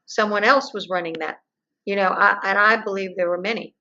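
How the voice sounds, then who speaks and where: Gravelly older woman telling her story. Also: mid-range voice, steady tone, fairly quick, sharp tone. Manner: storytelling, acts out quoted exchanges. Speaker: interview guest. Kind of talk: conversational interview answers. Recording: muffled lo-fi audio.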